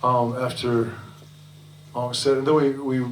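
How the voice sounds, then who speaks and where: A man's voice: mid-range voice, little pitch movement, unhurried, slight background noise. A man in the middle of his range tells a meandering road story to a crowd between songs. He swears casually and keeps breaking into chuckles. The sound is a live room recording from a distance, roomy and echoey. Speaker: singer-songwriter and bandleader. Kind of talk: between-song stage banter. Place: restaurant music venue on stage.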